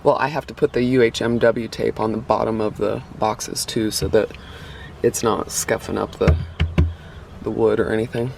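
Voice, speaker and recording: A man's voice: lowish voice, fairly even intonation, normal speed, gravelly, background noise. A man casually talking through his vehicle build-out project, rambling and correcting himself as he goes, a bit out of breath. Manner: rambling, self-correcting, chatty. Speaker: vlogger. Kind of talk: casual build update to camera. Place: inside a vehicle being built out.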